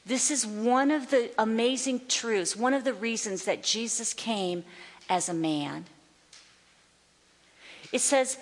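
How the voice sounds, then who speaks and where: A woman Bible teacher teaching from a stage, emphatic, slowing down to declare scripture. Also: on the high side. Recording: long hall reverb.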